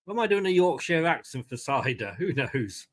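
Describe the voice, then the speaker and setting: A man's voice: a little high, big pitch swings, moderate pace. A man hosting a casual live watchalong, commenting on play and chatting with viewers by name. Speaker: fan channel host.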